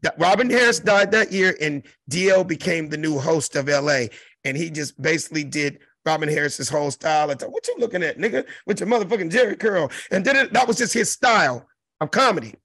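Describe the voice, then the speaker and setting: Brief: comedian in his fifties from South Central LA, animated and profane storyteller, high and gravelly, dry close sound. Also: fairly quick, no room sound. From South Central Los Angeles. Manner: profane, animated, acts out the other voices. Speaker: comedian guest.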